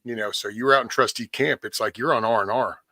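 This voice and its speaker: A man's voice: fast, no room sound. A man hosting a casual podcast chat, telling a story with lots of swearing and acting out the other people's voices. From Texas. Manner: animated storyteller, jumps in pitch acting out voices, swears freely. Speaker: podcast host.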